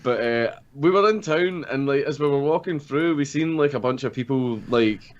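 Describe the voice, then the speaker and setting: A man's voice: medium pitch, animated, moderate pace. Scottish man telling a profane story. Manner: profane, rambling, laughs often. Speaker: podcast co-host telling a story. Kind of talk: casual storytelling chat. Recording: slightly dull lo-fi audio.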